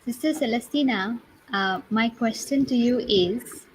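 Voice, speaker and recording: A woman's voice: on the high side, unhurried, a little hiss or hum, poor audio. Woman asking a careful question. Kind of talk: casual group chat.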